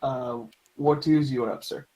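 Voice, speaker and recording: A man running a tabletop game as game master, explaining the rules calmly. His voice sits in a middle pitch, and he laughs easily between rulings. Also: moderate pace, poor audio.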